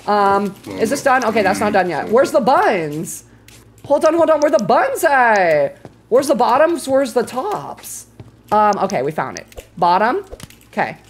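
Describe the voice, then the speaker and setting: A woman streaming a cooking game, excitable and foul-mouthed, talking to her chat and flaring into loud exclamations when flustered. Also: mid-range voice, measured pace, soft background music. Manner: excitable, swears a lot, talks to chat. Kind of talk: live gameplay commentary.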